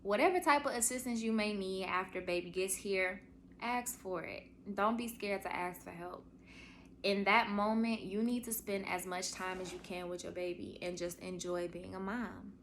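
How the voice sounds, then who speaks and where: Her medium-pitched voice is steady and a bit bright, moving at normal speed amid slight background noise. The young woman hosts a podcast, chatting casually through a heartfelt story and calling her audience y'all.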